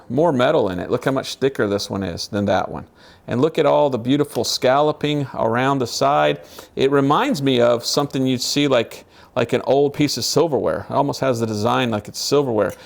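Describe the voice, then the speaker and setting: Casual gravelly-voiced man, mid pitch, chatty collector demo, self-amused asides. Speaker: knife collector showing his knives. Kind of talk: casual demonstration vlog.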